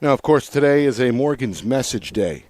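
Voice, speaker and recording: A man calling a lacrosse game from the broadcast booth, recapping scores and plays in a brisk, measured manner. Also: medium pitch, expressive, darkish tone. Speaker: play-by-play announcer. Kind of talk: sports play-by-play commentary. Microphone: broadcast booth mic.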